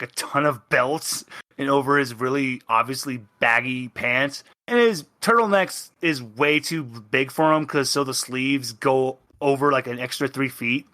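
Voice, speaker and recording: A man's voice: medium pitch, pushed and bright. A man narrating as game master of a tabletop game, describing in rambling, filler-heavy bursts.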